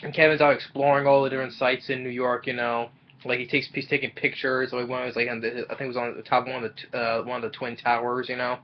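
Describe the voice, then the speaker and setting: A man's voice: mid-range voice, muffled recording. Rambling man recapping a movie. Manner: rambling and halting, with many fillers and restarts. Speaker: movie reviewer. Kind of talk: casual spoken film recap.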